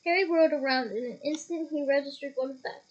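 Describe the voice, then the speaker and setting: A woman reading a novel aloud, lively, breaking off now and then for playful comments. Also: high-pitched, fairly quick, muffled recording. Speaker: audiobook reader.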